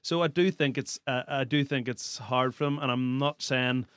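A man's voice: medium pitch, a bit bright, clear, resonant tone, no echo. Easygoing man talking rugby, dry sound. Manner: easygoing, measured, repeats himself. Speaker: studio guest, former player. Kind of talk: casual studio chat. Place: studio.

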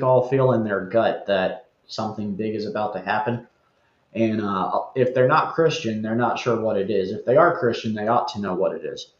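A man's voice: medium pitch, reverberant, highs cut off. A man chatting as a guest, talkative and wry as he explains his views. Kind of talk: casual chat.

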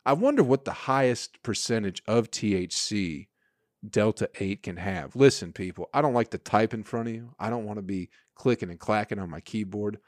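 A man's voice: on the low side, moderate pace, no echo. Rambling, cursing man podcaster, dry sound. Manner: rambling, profane, exasperated. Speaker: podcast host. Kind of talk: casual solo podcast monologue.

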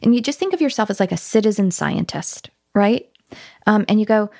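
Gravelly, animated woman giving parenting advice. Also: mid-range voice, fast talker, no room sound, clean studio sound. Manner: animated storytelling, acting out playful talk with children. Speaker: parenting guest expert. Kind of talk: casual advice conversation.

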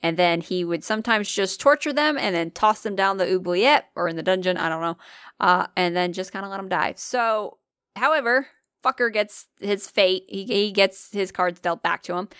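A young woman co-hosts a casual podcast in a mid-range, slightly bright voice at normal speed, telling ghost stories in a chatty way while swearing and laughing often. Her tone is clear and resonant, and the recording is dry with clean studio sound.

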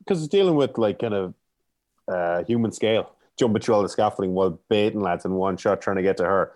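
Fast-talking man, low voice, eager film talk. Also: darkish tone. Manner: enthusiastic, repeats "you know what I mean", laughs often. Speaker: podcast co-host reviewing films. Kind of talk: casual chat.

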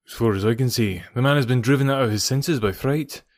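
A man voicing a hearty, matter-of-fact police inspector who talks briskly and plainly. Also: medium pitch, no echo, studio quality, lightly acted.

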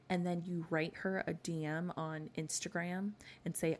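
A woman's voice: on the low side, level tone, normal speed, hardly any pauses, a little mellow, slight background noise. A woman hosting a podcast, chatting in a gossipy, sassy way with frequent rants. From not from the American South. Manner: gossipy, sassy, ranting with laughs. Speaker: podcast host. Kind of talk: casual chat.

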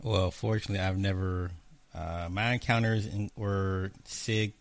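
A low-voiced man hosts a casual chat. He speaks in a dry, measured way and sometimes halts mid-thought. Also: fairly even intonation.

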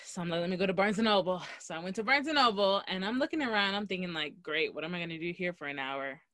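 A young woman co-hosting a podcast, telling a story in a lively, laughing way and acting out what people said. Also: fairly low pitch, fast, no echo, studio quality. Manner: animated, laughing, acts out quotes. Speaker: podcast co-host. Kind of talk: casual storytelling chat. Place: Los Angeles.

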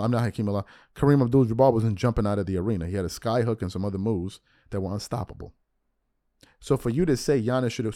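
A man in his forties hosting a solo sports podcast, talking straight to the mic with animated, mocking rants. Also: mid-range voice, no echo, clean studio sound. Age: 40s. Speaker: podcast host.

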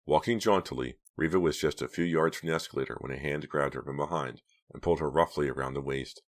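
A man reading an audiobook in steady, measured scripted narration. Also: extremely low pitch.

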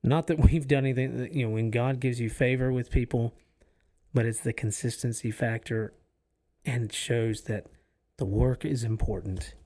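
An earnest man talks through a faith podcast, pausing and restarting as he feels for his words. His tone is reflective and sincere, and his voice sits at an ordinary middle pitch. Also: steady tone, warm tone. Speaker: podcast co-host. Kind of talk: casual faith podcast chat. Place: office used for recording podcasts.

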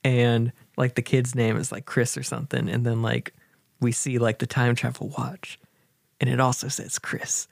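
A man pitches story ideas in a laid-back way, thinking aloud as he goes. His voice sits in a middle range, and the recording is close and dry. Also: level tone, normal speed, gravelly, no room sound. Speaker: co-writer brainstorming. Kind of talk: casual chat.

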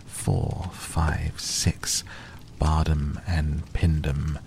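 A man softly reading a classic novel aloud as a calm bedtime audiobook narrator. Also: rumbling low, drawn-out words, gravelly. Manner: soft, calm, gentle reading. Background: faint crackling fire.

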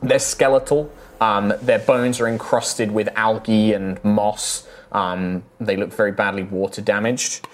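Relaxed game master narrating a scene. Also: medium pitch. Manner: descriptive, many fillers and likes.

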